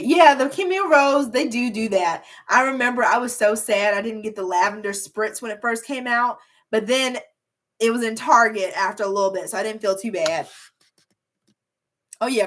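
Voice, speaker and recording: On a casual livestream, a young beauty and hair YouTuber reads viewer comments aloud in a bubbly, meandering way packed with fillers. She talks at a normal pace in a mid-range voice that's a bit bright.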